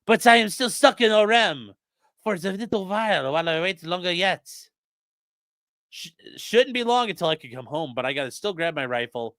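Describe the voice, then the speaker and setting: A man voicing a young male shooter in a put-on French accent, in a low, hushed and mocking way. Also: animated, moderate pace, dry recording.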